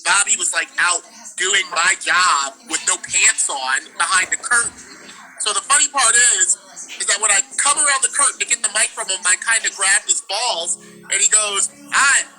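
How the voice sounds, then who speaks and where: A ring announcer from New York telling stories in a casual interview, in a rambling, laid-back way. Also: male voice, sits high, normal speed, bright, forceful tone, soft background music, low-quality recording.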